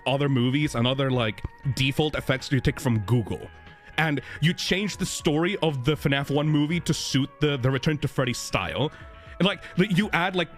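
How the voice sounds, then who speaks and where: A man hosting a livestream, thanking viewers for donations and chatting in an excitable, giggly way with plenty of swearing. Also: a little high. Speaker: livestream host reading donations. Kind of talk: casual livestream chat.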